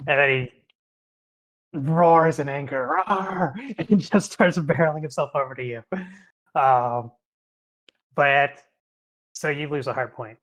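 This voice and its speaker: A man's voice: mid-range voice, fairly even intonation, fairly bright tone. A man running a tabletop role-playing game as game master, narrating with lots of ums and frequent laughter. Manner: laughs often, many ums, quick voice changes for characters.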